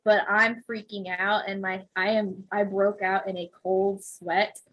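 A woman's voice: mid-range voice, flat delivery, unhurried, husky, lo-fi sound. A woman who works as a physical therapist, animatedly telling a story in casual chat, acting out the voices and laughing often.

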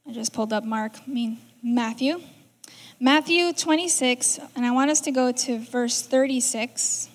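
A woman's voice: a little high, unhurried. A woman preaching a sermon in a conversational way, acting out the lines she quotes. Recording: reverberant hall.

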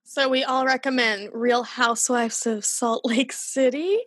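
Young woman cohost, wry teasing chat, slightly high voice. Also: steady tone, unhurried, a bit bright, no room sound. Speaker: podcast co-host. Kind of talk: casual chat.

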